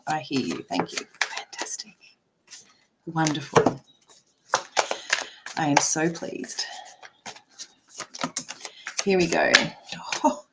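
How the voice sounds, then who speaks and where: A woman's voice: lowish voice, slight background noise. A middle-aged woman coach giving a live card reading, speaking emphatically, swearing freely, calling viewers by name and often tagging sentences with "right?". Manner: frequent tag "right?". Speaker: spiritual and business coach.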